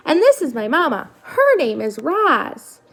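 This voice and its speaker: A woman voicing a small, anxious young male gosling who talks in a high, worried, sniffly way. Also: huge pitch swings, unhurried, full character voice. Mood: eager, worried.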